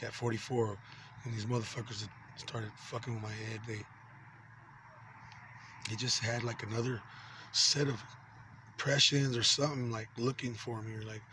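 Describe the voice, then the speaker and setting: A man's voice: on the low side, sharp tone, slight background noise. A man in his forties talking to camera in an angry, rambling, profane monologue full of fillers and restarts. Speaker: vlogger.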